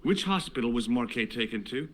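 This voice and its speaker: A man's voice: medium pitch, expressive, fairly quick, a bit bright, poor audio. An actor voicing a joking young American man, the hero of a video game, with an American accent. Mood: curious. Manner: dry and joking.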